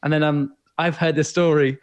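A man who co-founded a business, talking as a guest in a halting way with many fillers. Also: fairly high pitch, little pitch movement, dull audio. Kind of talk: casual interview chat.

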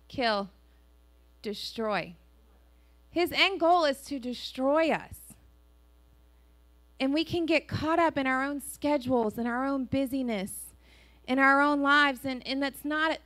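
A woman's voice: high voice, no room sound. A woman pastor, telling a personal story in a sermon and acting out the voices. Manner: animated storytelling, acts out dialogue. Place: church sanctuary.

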